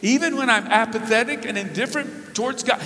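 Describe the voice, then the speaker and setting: Guy preaching a sermon, kinda high voice, earnest and emphatic, stumbles and restarts, big echoey church sound. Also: fairly quick, pushed and bright. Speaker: pastor. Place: church sanctuary. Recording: preached in a large hall with long reverb.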